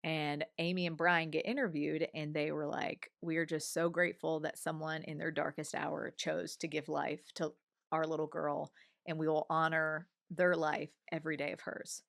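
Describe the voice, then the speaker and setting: A woman's voice: low voice, moderate pace, gravelly, no room sound, clean studio sound. A woman in her forties, a guest on an interview show, telling a personal story conversationally and acting out what others said. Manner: animated storyteller, acts out others' remarks.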